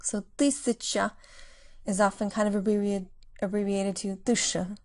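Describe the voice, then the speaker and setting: A woman's voice: mid-range voice, little pitch movement, moderate pace, a little mellow. Woman teaching Russian numbers, patiently. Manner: clear, patient explaining. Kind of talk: language lesson.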